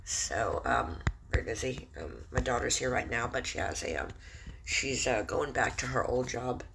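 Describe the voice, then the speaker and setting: A man's voice: mid-range voice, expressive, moderate pace, vocal fry, a bit bright. A middle-aged man at home reading news aloud with his own commentary. He stumbles over foreign place names and spells them out. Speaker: Christian video host. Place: room in a house. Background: faint background noise.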